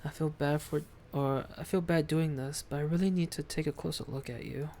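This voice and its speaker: Gravelly-voiced game streamer thinking aloud. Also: medium pitch, fairly even intonation, brisk, slight background noise. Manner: thinks out loud while reading in-game text aloud. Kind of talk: live gameplay commentary.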